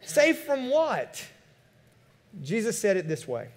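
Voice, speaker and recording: Male pastor, high voice, animated sermon delivery with rhetorical questions, long church reverb. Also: takes it slowly. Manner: animated, rhetorical questions, shifts between loud emphasis and quiet asides. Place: church sanctuary.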